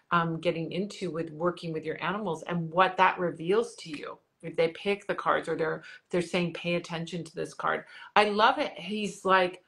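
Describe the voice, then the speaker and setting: A woman's voice: lowish voice, fairly bright tone. A woman hosting a podcast interview, enthusiastic and affirming, who laughs often and asks her guest questions. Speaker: podcast host and author. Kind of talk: casual interview conversation.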